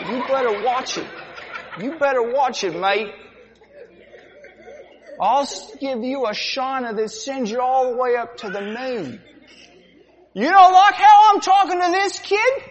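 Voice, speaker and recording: A man's voice: very high-pitched, fairly bright tone, pitched above the performer's own voice, exaggerated voice. A man playing a brutish, swaggering slave-ship sailor who taunts and threatens, in a dramatic demonstration during a sermon. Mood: taunting. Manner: taunting, threatening, calls people mate and buddy. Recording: dull sound, long hall reverb.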